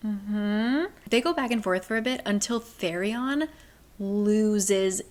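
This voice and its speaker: A woman's voice: mid-range voice, a little slow. A woman casually recapping a novel in a chatty, profane way, full of filler "like"s. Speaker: book recap narrator.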